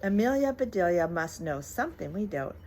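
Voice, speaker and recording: A woman voicing a mild-mannered father in a storybook, speaking low and quiet. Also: very animated, a little fast, a little hiss or hum. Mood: calm.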